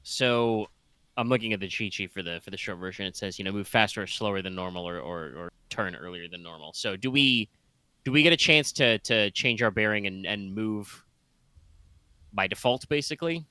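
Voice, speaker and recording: A man's voice: lowish voice, normal speed, pushed and bright, smooth, no room sound. A man playing in a tabletop game, thinking aloud with lots of hesitant fillers as he plans his move. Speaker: player. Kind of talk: casual tabletop play.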